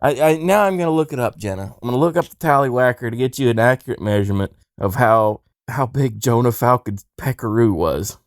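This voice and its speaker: Male podcast host, mid pitch, rambling crude storyteller, dry close sound. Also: a little fast, hardly any pauses, no room sound. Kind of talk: casual comedic chat.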